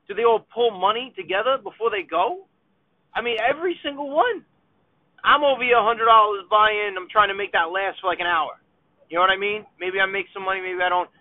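A man's voice: high-pitched, no echo. A man, ranting comically to the viewer while driving in a car, chatty and exasperated. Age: 30s. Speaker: vlogger. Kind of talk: rambling comedic rant while driving. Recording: tinny phone-like sound, dry.

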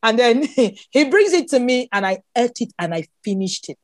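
Lively Nigerian woman telling a story. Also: on the high side, moderate pace, no room sound, studio quality. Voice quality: expressive, exclaims often, laughs while telling. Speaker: guest. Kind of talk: animated personal storytelling.

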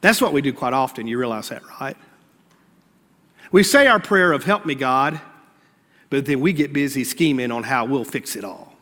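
A man pastor preaching a sermon earnestly, rising for emphasis and dropping to hushed, prayerful lines. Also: mid-range voice, lively intonation, moderate pace, in a large hall.

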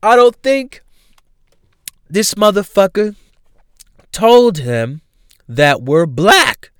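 A man telling a funny personal story in a casual, animated way, laughing often and using slang and swearing. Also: sits high, very slow, smooth, no room sound, clean studio sound.

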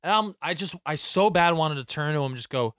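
Casting note: male podcast co-host, slightly high voice, dry close sound, profane and sardonic. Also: expressive, brisk, fairly bright tone, no room sound. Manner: blunt, profane, sardonic ranting. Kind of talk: casual chat.

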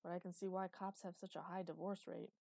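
A jittery young man answers back in a sulky, sarcastic way, as a woman narrator puts him on. She lifts him well above her usual dark tone, and the recording is dry and close. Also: fairly low pitch, level tone, a little fast, gravelly, dry recording.

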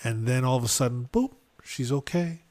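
A man on a podcast casually retelling a family mishap, acting out the people he quotes with sharp jumps in pitch. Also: moderate pace. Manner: animated retelling, acts out quotes with sudden rises in pitch. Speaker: podcast co-host. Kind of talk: casual storytelling chat.

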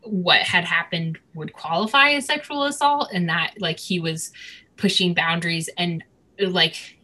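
Bright-voiced woman telling a story. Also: fairly low pitch, a little slow. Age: 30s. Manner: rambling, many fillers. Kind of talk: casual personal storytelling.

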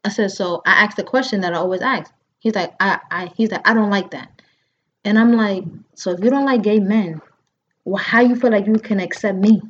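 A woman's voice: mid-range voice, normal speed, slightly rough. A woman in her thirties telling a story in casual chat, acting out the lines of the people in it and using many fillers. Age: 30s. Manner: animated, acts out quotes, frequent fillers. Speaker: podcast host. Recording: dull lo-fi sound.

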